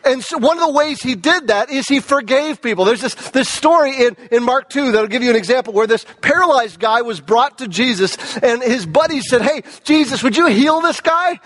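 A man with a fairly high voice delivers a sermon as a pastor. He talks in an easy, conversational way and keeps asking rhetorical questions. His delivery swings between louder, lifted passages and quieter, lower ones.

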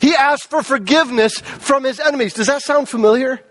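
A man pastor preaching a sermon in a conversational way, asking rhetorical questions and swinging between louder and softer passages. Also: very high-pitched, fairly quick.

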